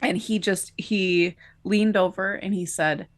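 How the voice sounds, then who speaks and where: A woman's voice: mid-range voice, steady tone, slow pace. Chatty woman telling a personal story. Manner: chatty, many filler likes, laughs between phrases. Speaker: podcast co-host.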